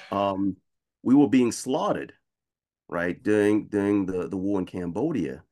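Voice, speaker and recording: On a video call panel, an American man with a medium-pitched voice and measured pace tells a personal story conversationally. He frequently checks in with "right?" and gets animated when quoting other people.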